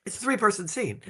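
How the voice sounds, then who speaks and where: Male co-host, bright and animated, fairly high voice, full of restarts. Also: husky. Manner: animated storyteller, many restarts. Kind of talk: casual chat.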